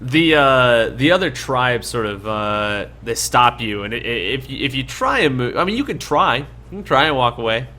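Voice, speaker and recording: Laid-back young dungeon master. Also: male voice, medium pitch, lively intonation, moderate pace, hardly any pauses, bright, forceful tone. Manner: rambling, filler-heavy, laid-back. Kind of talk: casual tabletop game narration.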